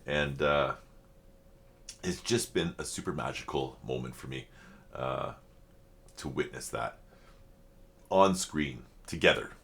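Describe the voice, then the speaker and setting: A middle-aged man hosting a reaction video, talking in a heartfelt, halting way with many fillers and restarts. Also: a bass voice, fairly bright tone. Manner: heartfelt, openly emotional. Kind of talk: casual reflective chat.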